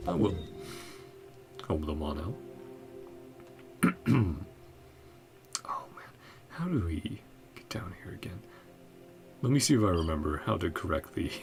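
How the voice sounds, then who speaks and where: Low gravelly laid-back gaming host. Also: male voice. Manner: laid-back, chuckling, thinking aloud. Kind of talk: casual game commentary.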